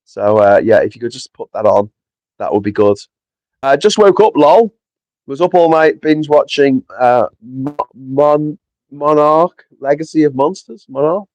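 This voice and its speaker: A man's voice: fairly high pitch, expressive, a little slow, a little mellow, no room sound, muffled recording. Male streamer, chatty and sweary, tired, dry close-miked sound. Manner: chatty, sweary, reads viewers' comments aloud. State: short on sleep. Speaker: livestream host. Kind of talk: casual live-stream chat. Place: outdoors in the wind. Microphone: small clip-on mic with foam.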